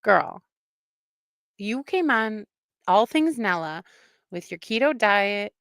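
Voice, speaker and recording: A woman's voice: medium pitch, expressive, slow, fairly bright tone, no room sound, studio quality. A woman hosting a livestream, giving blunt, mocking reaction commentary, swearing freely.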